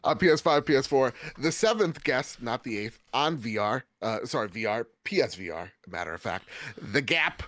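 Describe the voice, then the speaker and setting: A man's voice: mid-range voice, expressive, moderate pace, a bit bright, no echo. A man hosting a casual gaming podcast, running through release lists with jokey, sarcastic asides. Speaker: podcast host. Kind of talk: casual chat.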